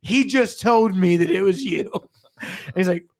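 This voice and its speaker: A young man in casual chat, telling work stories with profanity and loud acted quotes. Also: sits high, a little slow. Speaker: podcast guest.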